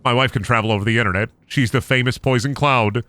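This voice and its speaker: A man's voice: medium pitch, fairly even intonation, fast, few pauses, bright, forceful tone, faint music behind. A young man live-streaming a game, rambling goofily and joking as he plays. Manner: goofy, rambling, sings and jokes. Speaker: gaming streamer. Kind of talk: casual live-stream commentary.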